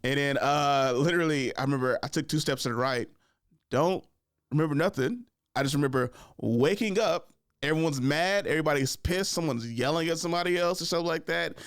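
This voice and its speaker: A man's voice: a little high, brisk, clear, resonant tone, no room sound, studio quality. A man hosting a podcast, telling a story casually in a loose, rambling way with many fillers. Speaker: podcast host.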